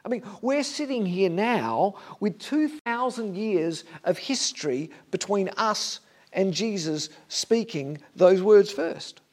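A male pastor preaching an earnest sermon, dropping to a hush on key lines. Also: sits high, animated, slow pace. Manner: standing before a congregation.

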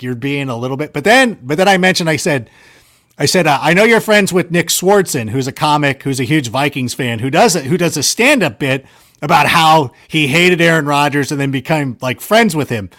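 A man casually telling stories on a podcast, animated and self-deprecating, filling his talk with "like" and "you know". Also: on the high side. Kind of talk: casual storytelling chat.

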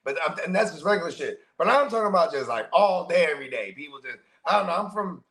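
A man's voice: a little high, lively intonation, fast talker, creaky, fairly bright tone. A man from the Bay Area, co-hosting a casual show and telling stories in loose, profane slang. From San Francisco Bay Area. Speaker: podcast co-host. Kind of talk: casual chat.

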